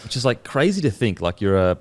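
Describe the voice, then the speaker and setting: Male podcast host, lowish voice, short prompting questions, laid-back chat. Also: big pitch swings, fast, darkish tone. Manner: short encouraging interjections and questions. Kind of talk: casual interview chat.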